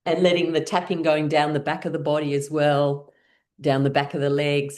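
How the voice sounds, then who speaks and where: A woman's voice: low voice, level tone, normal speed, darkish tone, soft background music. A woman teaching a laughter class, guiding breathing and tapping with cheerful instructions and frequent laughing sounds. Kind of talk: guided laughter exercise class.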